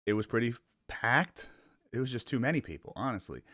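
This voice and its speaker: A man's voice: mid-range voice, very animated, fairly quick, fairly bright tone, breathy edge, dry recording, studio quality. A young man from the Cleveland area rambling casually in a vlog, self-conscious, laughing often and swearing casually. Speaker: vlogger.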